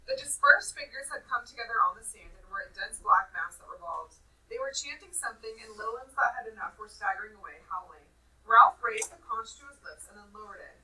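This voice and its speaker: A woman teacher reading a novel aloud to a class, giving the dialogue loud dramatic emphasis and stopping to ask questions. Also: a little high, lively intonation, a little fast, distant mic, rough recording.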